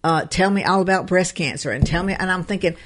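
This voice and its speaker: A woman's voice: fairly low pitch, fast, noisy background. Earnest woman co-host. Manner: earnest, with many fillers and restarts. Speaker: show co-host. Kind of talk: casual live show talk.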